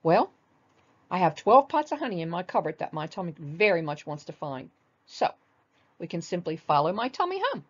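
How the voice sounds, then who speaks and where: Read by a woman, a soft, mild bear of very little brain, slow and agreeable. Low-pitched, heard on a dull, lo-fi recording. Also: sing-song, breathy edge. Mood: content. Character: gentle, simple male bear, slow and agreeable. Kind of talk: storybook read-aloud.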